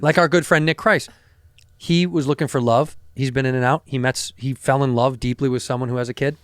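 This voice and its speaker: A man's voice: medium pitch, steady tone, brisk, no room sound, studio quality. A man co-hosting a comedy podcast, teasing his friend bluntly and handing out advice. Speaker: podcast co-host. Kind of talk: casual comedy podcast chat.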